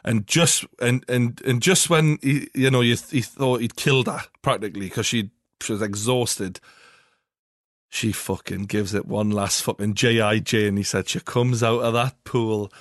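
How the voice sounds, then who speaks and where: A man's voice: mid-range voice, steady tone, normal speed, no echo, clean studio sound. A young man with a Geordie accent, hosting a podcast and telling rambling anecdotes in casual chat, swearing constantly. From North East England. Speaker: podcast host.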